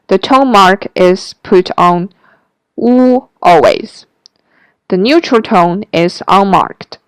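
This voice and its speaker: A woman teaching Mandarin tones in a careful lesson, saying each syllable slowly so the listener can repeat it. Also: mid-range voice, clear, resonant tone, no echo. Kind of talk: slow, careful language lesson narration.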